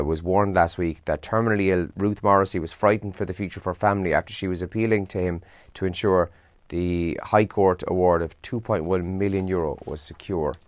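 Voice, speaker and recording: A young Irishman with a fairly low voice hosts a breakfast radio show in studio-quality sound with no room echo. Tired and yawning, he reads through the morning papers and chats casually about news and trends.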